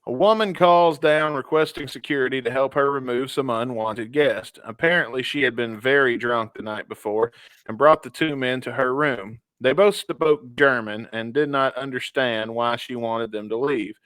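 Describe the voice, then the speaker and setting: A man's voice: medium pitch, moderate pace, fairly bright tone, smooth, dry recording. A young man co-hosting a casual podcast, reading stories aloud in a laid-back way with small stumbles and fillers. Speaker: podcast co-host.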